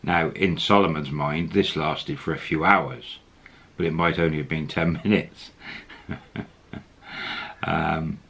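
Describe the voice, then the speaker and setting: Brief: a man with a low, husky voice, rambling through a casual anecdote. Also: fairly even intonation, slow, a bit bright. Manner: rambling, with fillers and laughs. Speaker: storyteller. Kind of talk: casual storytelling.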